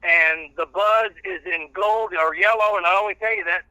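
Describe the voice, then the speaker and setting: A man, chatting casually as a guest on a podcast, folksy and halting with many fillers. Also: high-pitched, bright, forceful tone, clean tone, dry recording, poor audio. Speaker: radio host and guest.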